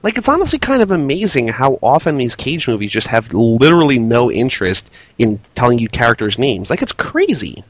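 A man with a higher voice that swings widely in pitch talks through a film with amused disbelief. The sound is close and dry. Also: no room sound, low-quality recording. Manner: animated, incredulous, fast bursts. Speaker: podcast co-host. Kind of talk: casual movie review chat.

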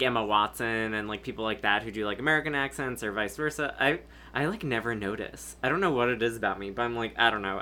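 Podcast guy, bright voice, says like a lot, kinda hesitant. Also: medium pitch, slight background noise. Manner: hesitant, lots of "like". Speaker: podcast co-host. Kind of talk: casual movie podcast chat.

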